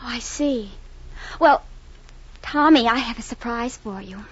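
An actress playing a sweet, doting young wife in a 1940s radio comedy, her soft sugary voice trailing off on names. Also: on the high side, measured pace, slightly rough, dry recording. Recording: dull old radio recording.

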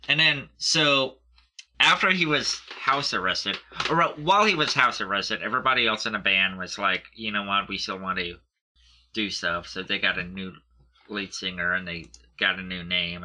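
A man's voice: low voice, normal speed, pushed and bright. A man telling a story in casual conversation, laid-back, full of ums and swearing. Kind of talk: casual chat.

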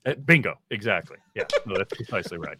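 A man's voice: lowish voice, lively intonation, fast talker, bright, forceful tone, breathy edge. A man co-hosting a casual film podcast, chatty and given to teasing anecdotes. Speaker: podcast co-host.

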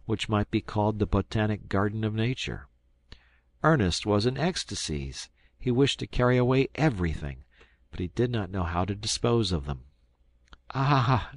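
Deep-voiced male audiobook narrator. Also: dry recording. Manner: measured, storytelling. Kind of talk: scripted narration of a classic novel.

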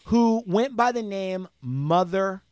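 A man's voice: high-pitched, expressive, slow, a little mellow, clean tone, dry recording. A man co-hosting a podcast, ranting and joking with heavy profanity. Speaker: podcast co-host. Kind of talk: crude comedic podcast banter.

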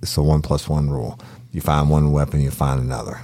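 Very deep-voiced man, blunt. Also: steady tone, a little fast, gravelly, warm tone. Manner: blunt, folksy, salty. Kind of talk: casual podcast banter.

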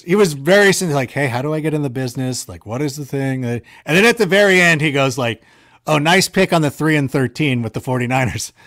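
Animated rambling man telling stories. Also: on the high side. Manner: animated, rambling, self-mocking. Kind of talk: casual storytelling chat.

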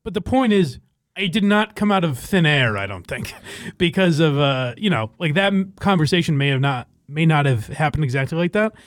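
A man's voice: fairly high pitch, expressive, a little fast, dry recording. A man hosting a podcast in casual chat, rambling with fillers, swearing and laughing. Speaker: podcast host.

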